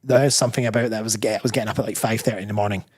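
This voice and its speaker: A man's voice: on the low side, steady tone, racing, slightly rough. A man with a Scottish accent, a personal trainer talking as a guest in a casual interview, reflective and rambling, often correcting himself mid-sentence. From Scotland.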